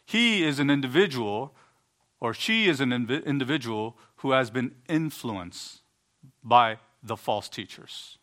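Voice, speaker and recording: A man's voice: medium pitch, expressive, measured pace, a bit bright. Man preaching an earnest sermon. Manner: earnest preaching with rising emphatic bursts and stumbles. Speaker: pastor.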